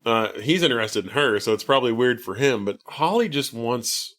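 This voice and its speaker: Guy rambling through a movie recap, lots of likes and uhs, goes high doing the quotes. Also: lively intonation, moderate pace, a bit bright. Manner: rambling, filler-heavy retelling, lifts his pitch for quoted lines. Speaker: podcast co-host. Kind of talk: casual movie recap chat.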